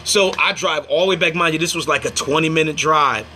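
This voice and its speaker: A young man chats on a casual livestream, his voice pitched high with a bright, forward edge. He tells stories animatedly and acts out the people in them. A faint ambient hum sits in the background. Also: a little fast. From Indiana, United States. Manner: animated storyteller, acts out quotes, thanks viewers mid-story. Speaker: livestream host.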